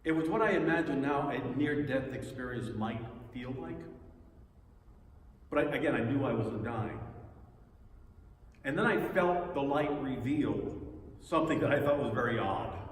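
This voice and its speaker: A man's voice: medium pitch, expressive, moderate pace, long pauses. Earnest man in an echoey hall. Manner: earnest, reflective storytelling with wry self-deprecating humor. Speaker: speaker sharing a personal spiritual story. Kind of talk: personal testimony talk. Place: church hall. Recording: echoey hall, distant mic, faint noise.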